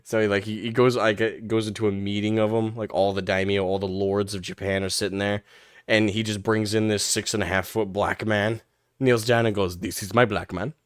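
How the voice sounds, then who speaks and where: A man's voice: lowish voice, little pitch movement, fairly quick, smooth, no room sound, clean studio sound. A man hosting a casual livestream chat, rambling, swearing and laughing often. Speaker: livestream host and podcast co-host.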